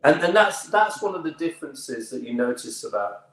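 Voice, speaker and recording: A man from the United Kingdom, an actor, telling anecdotes in an interview with lively delivery and frequent laughter. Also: a little high, moderate pace. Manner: lively storyteller, laughs often, acts out other voices. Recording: roomy echo.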